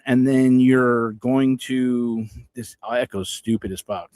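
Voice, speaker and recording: A man's voice: medium pitch, normal speed, hardly any pauses, a little mellow, dry recording. Guy, heated livestream rant, cusses a lot, sarcastic, mid-range voice. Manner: heated, profane, sarcastic, repeats himself. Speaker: vlogger addressing a rival.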